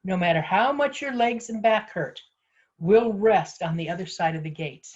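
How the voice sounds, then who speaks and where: A woman's voice: medium pitch, normal speed, highs cut off, natural voice. A woman reading a story aloud, voicing a take-charge older woman who gives firm orders. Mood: commanding. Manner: firm, commanding. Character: bossy older woman, the eldest sister, in charge.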